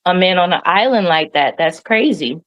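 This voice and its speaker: Female co-host, animated, incredulous, casual commentary. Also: lowish voice, normal speed.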